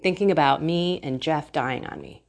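A middle-aged woman talking into her phone at home, an earnest and emotional faith vlogger who chats warmly and laughs often. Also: deep voice, moderate pace, creaky. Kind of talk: casual devotional talk to camera. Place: at home, indoors.

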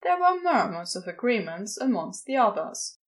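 A woman reading a comic story aloud as a narrator, with a wry, expressive delivery. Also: mid-range voice, normal speed. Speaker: podfic reader.

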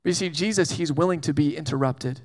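A man's voice: on the high side, quick pace. A man preaching a casual sermon, telling a Bible story with jokes and acted-out asides. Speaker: pastor.

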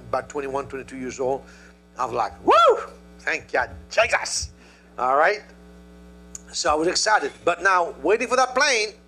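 A male preacher delivering a sermon, telling a story and calling out to the congregation in an animated way. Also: on the high side.

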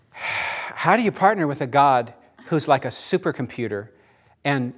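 A man preaching a conversational sermon, animated and joking as he goes. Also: mid-range voice, a little slow, slightly rough. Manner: animated, laughs and jokes mid-sentence.

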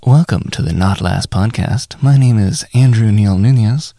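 Man doing a slow, stately public-radio host, low voice with gravel in it, over-formal. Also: mellow, dry recording. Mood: mock-formal. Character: a man's take on a slow, smooth public-radio announcer.

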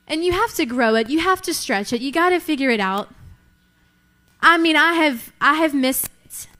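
A woman's voice: sits high, fairly bright tone. A young woman preaching a sermon, emphatic, repeating key lines for effect.

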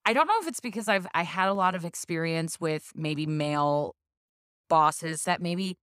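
A woman's voice: fairly low pitch, moderate pace, fairly bright tone, smooth, dry recording, clean studio sound. A young adult woman co-hosting a podcast, blunt and joking, hesitating as she reflects. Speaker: podcast co-host. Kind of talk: casual chat.

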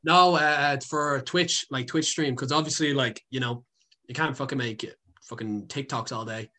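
Pitched in the mid range, his voice sounds sharp and steady, moving at a normal speed. He's a young Irish man, a content creator on as a guest, spinning casual, wandering stories loaded with fillers and profanity.

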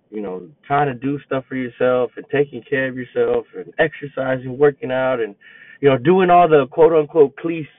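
A man's voice: medium pitch, dry recording. A man in his twenties, a teacher and coach, telling a story in a rambling, reflective way with many restarts. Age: 20s. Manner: rambling, repeats himself, reflective. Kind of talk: casual storytelling monologue. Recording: tinny phone-like line, dry.

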